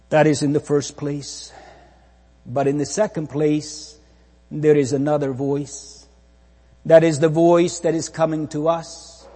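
A man preaching a slow, solemn funeral sermon with a pastor's repeating cadence. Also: a little high, flat delivery, warm tone, long reverb tail.

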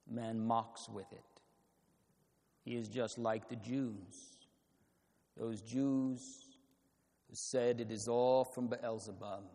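Slow, measured preacher in a reverberant hall. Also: male voice, medium pitch, creaky, a little mellow. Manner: slow, measured preaching with rhetorical questions and old-style scriptural phrasing. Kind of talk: sermon.

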